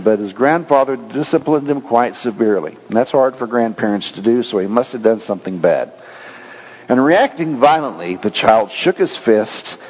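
A man's voice: mid-range voice, husky. Earnest man preaching in a reverberant hall. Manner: earnest, with swings between raised and hushed delivery. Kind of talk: sermon. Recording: long reverb, dull lo-fi sound.

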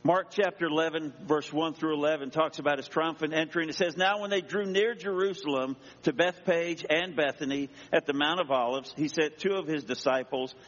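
A man's voice: fairly high pitch, brisk, few pauses, fairly bright tone. A man preaching a sermon as pastor, reading scripture aloud and dramatically acting out the voices in it. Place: church. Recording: dull echoey church sound.

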